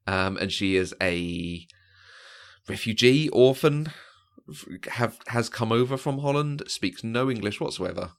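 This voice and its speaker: Brief: podcast co-host, man with a lowish voice, lively, does little voices when retelling scenes. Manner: animated, often acting out quoted lines. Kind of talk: casual chat about films.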